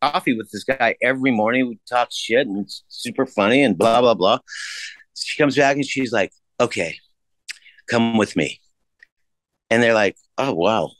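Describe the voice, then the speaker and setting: A man telling a story as a podcast guest in a casual, laid-back way, swearing freely and jumping his pitch up to act out the voices of people he quotes. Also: moderate pace, long pauses, fairly bright tone, dry recording. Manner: acts out quoted voices with big pitch jumps.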